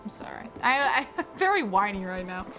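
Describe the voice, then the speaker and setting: A woman chats loosely while live-streaming a game, game music audible behind her, and keeps getting distracted into high-pitched baby talk aimed at her cat. Her pitch swings widely, her pace is slightly fast, and her tone is bright and forceful.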